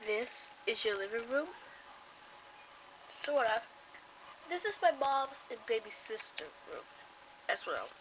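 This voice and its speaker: A woman's voice: fairly high pitch, big pitch swings, takes it slowly, pauses often, far from the mic. A woman acting out a homemade story, voicing several characters in bickering, teasing dialogue. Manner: plays back-and-forth dialogue, bickering and teasing. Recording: dull lo-fi home recording with faint noise.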